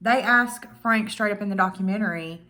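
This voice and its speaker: A woman vlogger with a medium-pitched voice talks fairly quickly as she casually recounts a true-crime documentary. Her retelling is chatty and animated, with quotes acted out and plenty of swearing.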